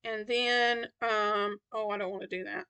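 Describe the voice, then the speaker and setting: A woman's voice: medium pitch, fairly even intonation, a little slow, bright, forceful tone, clear, resonant tone. A woman chatting casually on her crochet vlog, rambling with lots of fillers and restarts, sounding tired. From Tennessee. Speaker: crochet vlogger. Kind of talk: casual chat.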